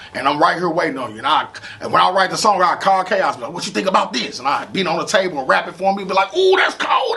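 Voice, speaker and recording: A man from St. with a gravelly voice, telling stories in a casual interview, animated and profane, often saying "you know what I'm saying.". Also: sits high. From St. Louis, USA. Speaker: rapper interview guest.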